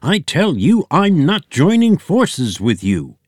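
A man's voice: lowish voice, expressive, normal speed, no echo, clean studio sound, lightly acted. A man voicing a snarling, smug male villain pig in a storybook reading.

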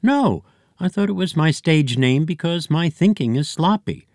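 A man's voice: on the high side, expressive, normal speed, darkish tone, dry recording, studio quality, voice pushed up. A man voicing a naive, trusting young boy who talks earnestly in a storybook.

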